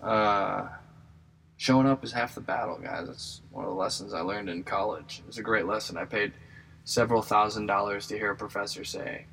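Low gravelly young man rambling casually. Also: brisk, a bit bright, slight background noise, poor audio. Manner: self-deprecating, jokey, lots of fillers and restarts. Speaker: aspiring comedian and actor.

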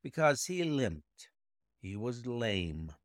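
A man voicing a brilliant, precise male detective explaining his deductions in a measured way. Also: mid-range voice, big pitch swings, no echo, studio quality.

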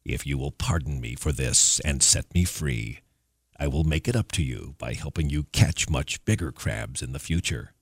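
A sly, wheedling hill devil from a storybook tale, voiced by a man, drawing out his words slowly and low with a sneer. The voice sits extremely deep and husky. The sound is dry, with faint music underneath. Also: lively intonation, no room sound, heavily acted.

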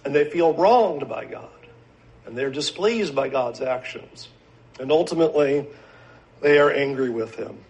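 A man preaching a sermon in an earnest, measured way, asking rhetorical questions. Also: mid-range voice, darkish tone, lo-fi sound. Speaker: pastor.

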